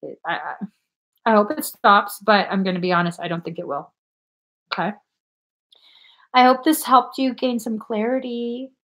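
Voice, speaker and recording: A woman's voice: medium pitch, normal speed, pauses often, fairly bright tone. A woman on a casual livestream, giving blunt, frank readings and swearing freely as she talks.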